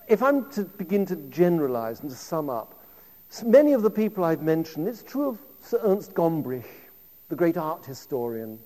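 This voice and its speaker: A man's voice: a little high, warm tone. Man lecturing in a reverberant hall. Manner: anecdotal, conversational with asides. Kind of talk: public lecture.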